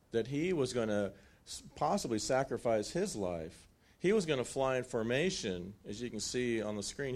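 Man retelling a war story as sermon. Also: mid-range voice. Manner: animated storytelling with restarts and acted quotes.

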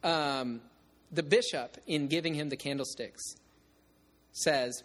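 A man preaching, retelling and reading aloud from a novel with expressive shifts and some halting restarts. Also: on the high side.

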